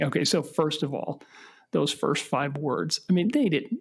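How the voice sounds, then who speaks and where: Middle-aged dad host, husky and a touch high, rambling and self-mocking. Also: male voice, lively intonation, measured pace. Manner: rambling, hesitant, self-deprecating, many restarts. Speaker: podcast host, father of co-hosts. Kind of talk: casual comedic podcast chat.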